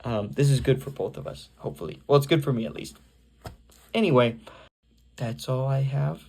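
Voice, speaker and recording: A young man with vocal fry, rambling self-consciously with lots of fillers as he records a casual home video, reading aloud for his family on the camera's built-in mic. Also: medium pitch, normal speed, darkish tone. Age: young adult. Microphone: camera's built-in mic, no external microphone.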